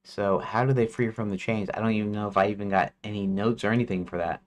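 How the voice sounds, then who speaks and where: A man with a lowish voice talks through his game story on a livestream. He thinks aloud and hesitates, with many fillers and restarts. He stops often to question his own notes. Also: steady tone, quick pace. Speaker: game developer streamer.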